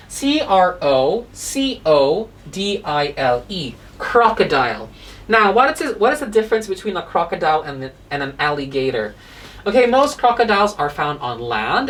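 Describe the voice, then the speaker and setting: Lady teacher doing kids phonics, low-ish voice that swoops up and down a lot, bit far from the mic. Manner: animated, spells words letter by letter, asks questions. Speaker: children's English phonics teacher. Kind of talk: children's phonics lesson.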